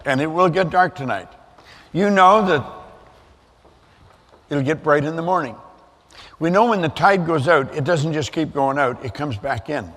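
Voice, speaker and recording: A man's voice: on the high side, fairly bright tone, long reverb tail. An older man giving an emphatic motivational seminar talk, repeating his points for effect. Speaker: seminar speaker.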